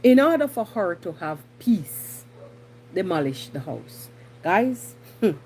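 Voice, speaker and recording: A woman's voice: mid-range voice, sing-song, slow pace, dark tone, slight background noise. A woman from Jamaica with a Jamaican accent, hosting a podcast with indignant casual commentary and repeating herself for emphasis. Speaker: podcast host.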